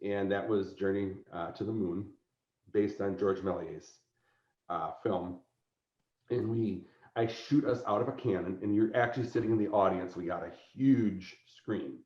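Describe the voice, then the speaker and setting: A man, a convention organizer appearing as a podcast guest, telling an animated story, laughing often and acting out quotes. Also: lowish voice, unhurried. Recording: roomy echo, dull lo-fi sound.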